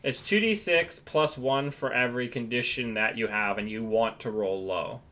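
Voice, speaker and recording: A man's voice: mid-range voice, moderate pace. A man narrating a tabletop game as game master, describing scenes loosely with many fillers.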